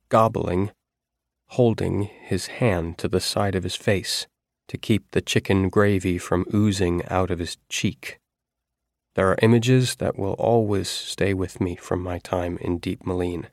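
A man narrating a first-person audiobook in a steady, measured way. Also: low voice, no room sound, clean studio sound.

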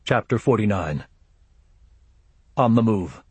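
A man reading a first-person audiobook in a measured, grave manner. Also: on the low side, expressive, a little mellow, slightly rough, no echo. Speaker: audiobook narrator.

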